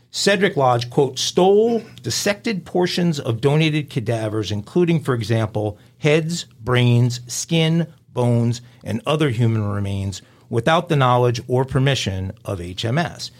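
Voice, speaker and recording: A man co-hosting a crime news podcast, reading headlines and quotes aloud and adding wry, deadpan remarks. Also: mid-range voice. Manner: wry, deadpan commentary between quoted passages. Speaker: podcast co-host.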